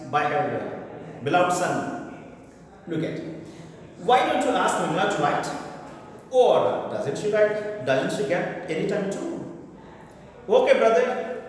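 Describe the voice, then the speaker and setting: A man's voice: high voice, very animated, unhurried, pauses often. A man teaching a class, reading a story aloud and explaining it, voicing the characters as he goes. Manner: reads dialogue aloud in changing voices, then explains. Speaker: English teacher. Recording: very echoey room, voice far from the mic.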